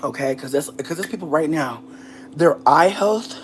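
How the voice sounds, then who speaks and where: A young woman from the US talks casually to camera, rambling and cursing with brash humor. She is a little out of breath and swings between low mutters and loud outbursts. A faint hiss sits under her voice. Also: animated, normal speed. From United States. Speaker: vlogger.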